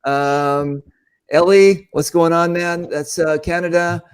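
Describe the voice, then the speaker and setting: American male host, slightly high voice, chatty and excitable, reads viewer comments. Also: slow, clear, resonant tone. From United States. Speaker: show host. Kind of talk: casual live-stream chat.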